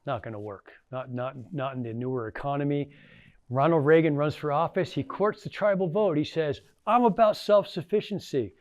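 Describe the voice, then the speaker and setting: A man's voice: a little high, a little fast, darkish tone, dry recording. A middle-aged man, a former tribal council member, giving a casual storytelling talk to an audience, folksy and anecdotal with lots of fillers.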